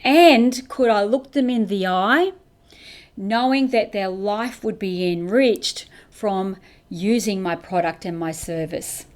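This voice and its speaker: A woman's voice: medium pitch, slow, darkish tone. A middle-aged woman hosting a motivational business podcast, talking straight to camera with emphatic rhetorical questions. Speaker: podcast host and business coach. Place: indoors, facing camera.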